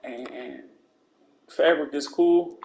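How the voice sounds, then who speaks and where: A man giving a casual, slangy voice-over, calmly walking through steps one by one. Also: on the high side, takes it slowly. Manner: relaxed, laid-back step-by-step instructions; slangy, conversational asides. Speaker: video game content creator.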